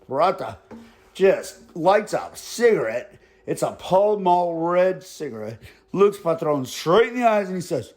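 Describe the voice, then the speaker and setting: Casual, chuckling male yarn-spinner, high and lively voice. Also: a little slow. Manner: chuckles often, profane, casual. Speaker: storyteller. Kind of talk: comedic spoken storytelling.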